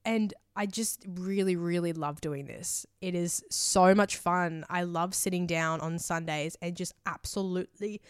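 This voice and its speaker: A woman's voice: fairly low pitch, steady tone, a little slow, few pauses, smooth, no echo, clean studio sound. A woman hosting a solo podcast, talking in a rambling, emotional way full of fillers and casual swearing. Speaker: podcast host.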